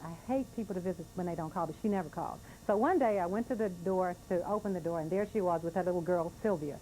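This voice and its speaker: A woman speaker reading her own poetry and telling a story to an audience in an earnest, emotional way, drawing out lines slowly. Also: medium pitch, warm tone, a little hiss or hum, poor audio. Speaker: poet and speaker.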